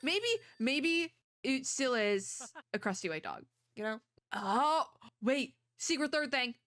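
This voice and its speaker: A young woman plays through a game and reacts out loud, excitable and giggly, her bright voice leaping all over. She gushes freely between reading lines. The sound is close and clean, from a desk microphone at a home setup. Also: high voice, slow, dry recording. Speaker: VTuber gamer. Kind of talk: let's play commentary.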